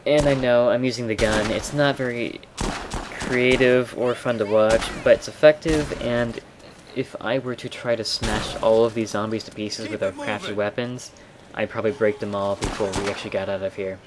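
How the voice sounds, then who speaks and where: A man with a fairly low voice talks through a video game as he plays it. His commentary is relaxed, explanatory, and dotted with wry asides. Game sounds and gunfire are clearly heard under his voice. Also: moderate pace, noisy background. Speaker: let's play commentator. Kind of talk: casual gameplay commentary.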